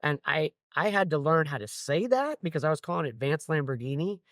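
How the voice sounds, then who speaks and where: A man with a fairly high speaking voice tells a long story to two hosts, relaxed and animated. He jumps into other people's lines as he goes, and the sound is dry and close with no room around it. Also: a little fast, no echo. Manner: lively, acts out other people's lines while telling a story. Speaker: guest metal artist. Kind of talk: casual storytelling interview.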